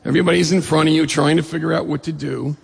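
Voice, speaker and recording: Man voicing a calm race coach, encouraging, husky, reverberant. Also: fairly high pitch, quick pace, pitched above the performer's own voice, exaggerated voice. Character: calm male race-car guide coaching a driver. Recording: long reverb of a hall.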